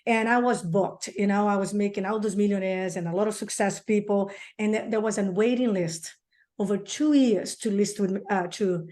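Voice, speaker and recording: A woman's voice: mid-range voice, moderate pace, darkish tone. A woman real estate coach hosting an interview, effusive and emphatic, telling stories about her client. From outside the US.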